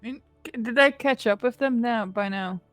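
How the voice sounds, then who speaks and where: A woman's voice: fairly high pitch, moderate pace, no echo, soft background music. A woman player describing her character's actions casually, giggling and saying "like" a lot. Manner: giggly, filler-heavy.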